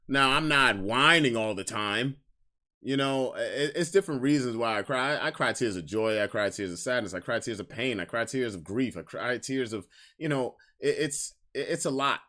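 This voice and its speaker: A man's voice: mid-range voice, pushed and bright. Young guy on his podcast stream just chatting, real candid and slangy, hammers points by saying them twice. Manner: candid, emphatic, slangy, repeats himself for emphasis. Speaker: podcast host. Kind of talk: casual livestream chat.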